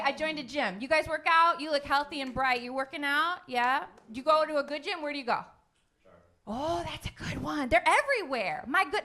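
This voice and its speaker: Sarcastic high-voiced woman doing stand-up. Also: bright, forceful tone. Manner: sarcastic, crowd-teasing, punchy delivery. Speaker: stand-up comedian. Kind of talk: stand-up comedy set. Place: comedy club stage.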